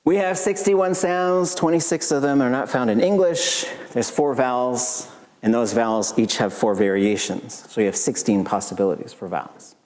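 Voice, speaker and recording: A man giving a casual lecture as a language professor, relaxed and chatty, with joking asides and lively jumps in pitch. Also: moderate pace. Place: lecture hall. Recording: long reverb of a lecture hall.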